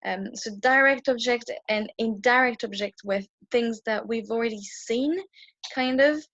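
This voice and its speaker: A woman's voice: a little high, measured pace, a bit bright, no room sound, highs cut off. A woman teaching a French grammar lesson at a whiteboard, explaining patiently with frequent ums and restarts. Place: indoor room with a whiteboard.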